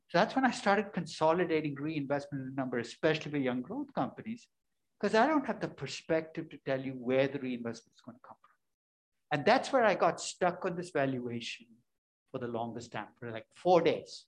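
Man lecturing with rhetorical questions. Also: high voice. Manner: emphatic, asks and answers his own questions. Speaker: finance lecturer. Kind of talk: classroom lecture.

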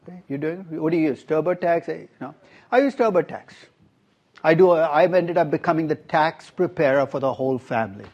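A man's voice: fairly high pitch, brisk, darkish tone, dull audio. A middle-aged man giving a classroom lecture as a professor, quizzing his students and dropping wry asides. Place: university classroom.

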